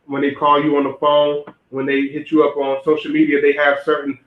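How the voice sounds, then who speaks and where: A man's voice: fairly high pitch, completely flat delivery, brisk. Man streaming advice over a tinny, roomy line. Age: young adult. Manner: rambling, repeats and restarts phrases, addresses chat directly. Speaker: livestream host giving zodiac relationship advice. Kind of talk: casual livestream talk to viewers. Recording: roomy, phone-like lo-fi audio.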